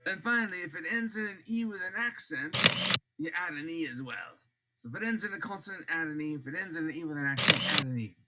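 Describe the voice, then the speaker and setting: An older man teaching a French grammar lesson, slowly repeating example words and dropping in joking asides. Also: a little high, expressive. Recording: loud background noise.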